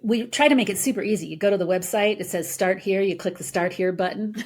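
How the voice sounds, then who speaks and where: A woman therapist as a podcast guest, earnest and animated, laughing easily as she tells stories. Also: mid-range voice, quick pace, slightly rough. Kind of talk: conversational interview.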